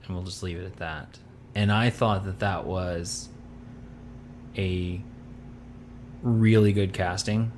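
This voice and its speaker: Deep, slow-talking man in casual chat. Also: steady tone, darkish tone, slight background noise. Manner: rambling, searching for names. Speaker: podcast co-host.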